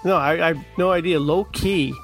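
A man's voice: fairly high pitch, fairly quick, faint music behind. A man on a talk show, hesitant and dry, making self-deprecating jokes when he doesn't know the slang. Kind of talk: casual chat.

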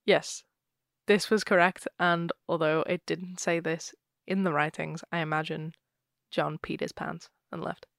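A woman's voice: sits low, fairly even intonation, a little slow, vocal fry, a bit bright, no room sound, studio quality. A woman co-hosting a podcast, chatting casually and laughing often as she retells a ghost story. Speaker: podcast co-host.

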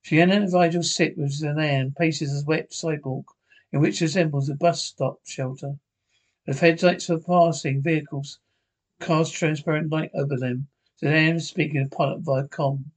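A man's voice: fairly high pitch, steady tone, moderate pace. Man reading a script aloud, stumbling. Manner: stumbling, frequent restarts and slips. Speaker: podcast reader.

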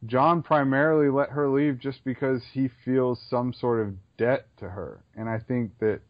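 A man speaking at a middle pitch in casual podcast chat, eager and analytical as he works through his thoughts. The sound is dry and a little dull, as if from a modest lo-fi recording. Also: steady tone, normal speed, dry recording. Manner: enthusiastic, analytical, repeats phrases. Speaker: podcast co-host.

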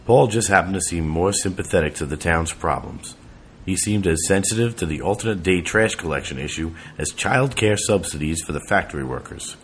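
A man narrating an audiobook in a steady, even reading voice. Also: low-pitched, fairly quick, a little hiss or hum.

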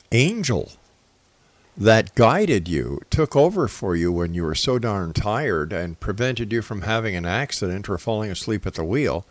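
Low, dry-voiced male host. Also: fairly bright tone, no echo. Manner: measured, builds long questions. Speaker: radio interview host. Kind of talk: interview questioning.

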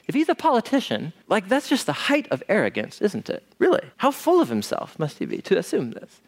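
A man preaching a conversational sermon as pastor, animated and asking his listeners rhetorical questions. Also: sits high, brisk, gravelly, hardly any pauses.

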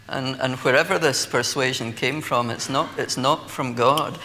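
A man's voice: mid-range voice, normal speed, few pauses, bright, forceful tone, a little hiss or hum. A Scottish man preaching a sermon, telling stories in a conversational way with light laughter. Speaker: pastor. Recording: long hall reverb, faint ambience.

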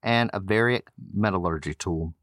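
A man's voice: low-pitched, normal speed, fairly bright tone, no echo, clean studio sound. A man hosting a podcast, reading case notes aloud with loose casual asides. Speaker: podcast host.

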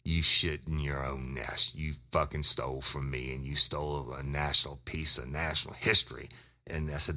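A man's voice: very deep voice, fairly even intonation, moderate pace, sharp tone. A middle-aged man, a former detective, telling a profane, rambling story with many restarts. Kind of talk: casual storytelling.

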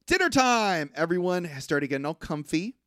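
Guy on a podcast rambling through a movie plot, kinda high voice, bouncing all over. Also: sing-song, normal speed, fairly bright tone, dry recording, studio quality. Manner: rambling, acts out characters' lines. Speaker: podcast co-host. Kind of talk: casual movie recap chat.

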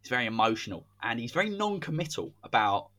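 A man's voice: mid-range voice, sing-song, quick pace, pushed and bright. A man, hosting a podcast and telling a football story in a casual, dramatic way. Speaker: podcast host.

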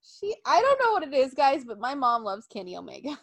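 Woman, high voice, lively swooping pitch, casual storytelling, dry sound. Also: no room sound. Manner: animated, quick, profane storytelling with impressions. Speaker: podcast co-host. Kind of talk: casual chat.

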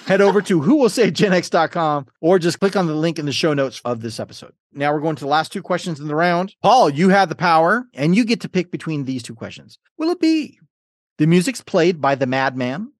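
A playful man runs a trivia game podcast, his voice a touch high and swinging widely in pitch. He reads questions and fun facts with jokey asides. The sound is dry and close. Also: expressive, a little fast, few pauses, no room sound. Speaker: podcast host and quizmaster.

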